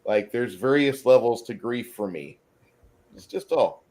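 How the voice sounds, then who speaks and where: A man's voice: medium pitch, animated, a little slow, a little mellow. A man hosting a casual movie chat online, joking and bantering with his viewers. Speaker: host.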